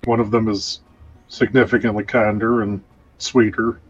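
A man's voice: lowish voice, little pitch movement, normal speed, husky, highs cut off, faint music behind. A young man role-playing his character in a tabletop game, rambling with many fillers and casual, colloquial phrasing.

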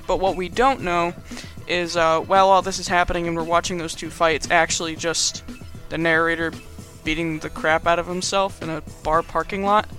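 A man's voice: on the high side, flat delivery, normal speed, hardly any pauses, bright, forceful tone, soft background music. A young man giving a casual, rambling movie recap in slangy speech full of fillers. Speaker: video host.

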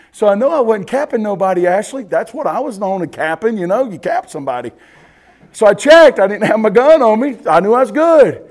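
High-voiced preacher with a drawl. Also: male voice. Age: 40s. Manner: animated, asks the listeners questions and repeats "you ready?". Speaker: pastor. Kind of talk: expository Bible teaching sermon.

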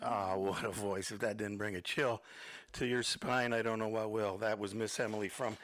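A man's voice: on the low side, fairly even intonation, moderate pace, a bit bright, no room sound. A man hosting an internet radio interview show, talking in a nervous, rambling, chuckling way. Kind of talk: casual interview chat.

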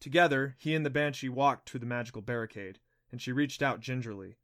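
A man narrates an audiobook with a steady storytelling delivery. His voice is middle-pitched and even. The reading is scripted. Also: fairly quick.

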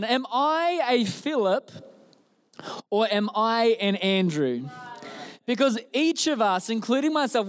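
High-voiced pastor, playful. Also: male voice, clear, resonant tone. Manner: playful, animated storyteller. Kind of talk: sermon. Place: church service.

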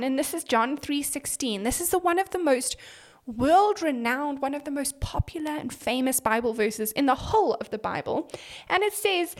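A young woman with a high, bright voice hosts a podcast for children. She talks in a bubbly, upbeat way and keeps calling out to her young listeners. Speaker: children's pastor. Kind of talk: kids' devotional podcast.

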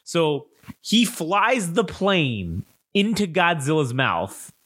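A man's voice: fairly high pitch, takes it slowly, no echo. Man recapping a film in a dry room. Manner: profane, animated plot recap acting out lines. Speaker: podcast co-host. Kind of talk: casual film review chat.

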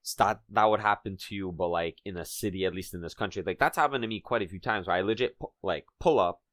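Young male co-host, low voice, slangy and teasing, dry close sound. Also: quick pace, a bit bright, no echo. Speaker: podcast co-host. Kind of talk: casual chat.

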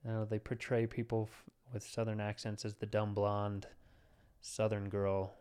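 A man's voice: on the low side, little pitch movement, normal speed, a little mellow, clear, resonant tone. A man co-hosting a casual podcast chat, easygoing, laughing often and acting mock-scandalized. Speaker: podcast co-host.

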